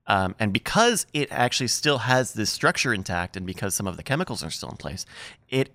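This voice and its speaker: A man hosting a casual podcast chat, explaining things in a relaxed way. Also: lowish voice, a little fast, no echo. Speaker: podcast host.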